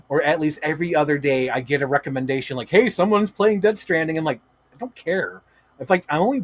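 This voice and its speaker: A man hosting a livestream, talking in excited, rambling casual chat full of swearing and filler words. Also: medium pitch. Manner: gushing, profane, rambling with many "like" fillers. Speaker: livestream host.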